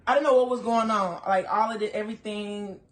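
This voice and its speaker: A young woman telling a story to viewers, animated, quoting herself and saying "like" often. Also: mid-range voice, a little fast. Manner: animated, quotes herself, frequent "like". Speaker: co-host of a couple's channel.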